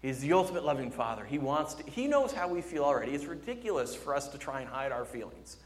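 A male pastor preaching a sermon with impassioned delivery, swinging between loud emphasis and hushed, tender tones. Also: mid-range voice, sing-song, fast, in a large hall.

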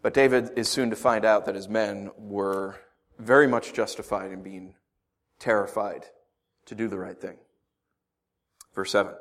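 Speaking in a lowish, steady voice at a measured pace with frequent pauses, a middle-aged pastor preaches. He reads scripture and then explains it loosely and conversationally, with asides and jokes.

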